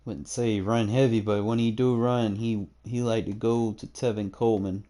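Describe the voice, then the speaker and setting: A young man streams casual gameplay commentary, going over his football video game stats in a steady, moderately paced voice that's fairly low and dark. Relaxed and slangy, he frequently thinks out loud, talking to himself while checking the stats.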